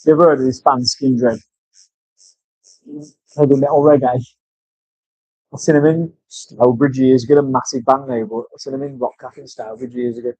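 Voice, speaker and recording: A man's voice: mid-range voice, steady tone, normal speed, pauses often, warm tone, breathy edge, no room sound. A man chatting casually at work as a tattoo artist, swearing freely and telling rambling stories. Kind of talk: casual chat while working. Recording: dull lo-fi recording.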